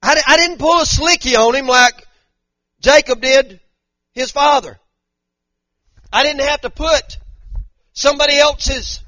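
Bright-voiced man preaching a fervent sermon. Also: very high-pitched, measured pace, long pauses, no room sound. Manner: fervent, repetitive preaching with Southern-style slang. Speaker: pastor.

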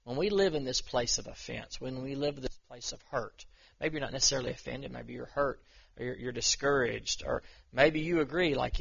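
Husky-voiced man preaching a casual sermon. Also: medium pitch, steady tone, a little fast, fairly bright tone, dull audio. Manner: conversational, self-deprecating, many restarts and "you know". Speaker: pastor. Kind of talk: informal sermon at a small midweek service. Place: small church room.

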